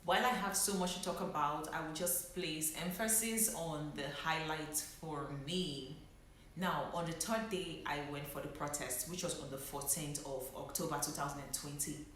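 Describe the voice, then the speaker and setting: Low-voiced woman in an echoey room. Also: steady tone, moderate pace, fairly bright tone, a little hiss or hum. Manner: reflective, holding back emotion. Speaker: medical doctor. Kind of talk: personal vlog storytelling.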